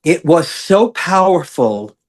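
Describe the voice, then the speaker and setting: A man's voice: on the high side, big pitch swings, takes it slowly. A man, a guest coach, earnestly telling an emotional personal story with many fillers and restarts. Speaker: guest, self-awareness coach.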